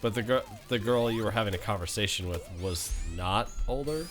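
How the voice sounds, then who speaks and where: A man's voice: on the low side, a little fast, a bit bright, soft background music. A man casually chiming in with short questions and reactions during a game. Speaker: co-host of a gaming channel. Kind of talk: casual chat while playing a game.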